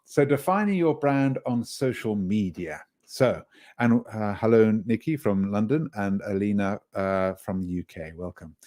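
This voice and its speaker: A man's voice: fairly low pitch, darkish tone. A man from South Africa hosting a live online workshop on social media writing, chatty and hesitant with many fillers. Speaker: webinar trainer.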